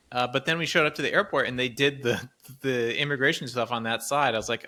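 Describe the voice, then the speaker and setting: A man's voice: medium pitch, quick pace, few pauses, sharp tone. A man co-hosting a podcast, telling a rambling travel story in casual chat, laughing often. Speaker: podcast co-host.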